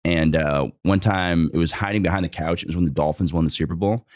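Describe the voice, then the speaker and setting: A young man with a low, deep voice tells a rambling, comic story in a casual podcast chat. He swears freely and laughs mid-sentence. The sound is close and dry, with no room in it. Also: steady tone, quick pace, darkish tone, no echo. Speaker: storyteller guest.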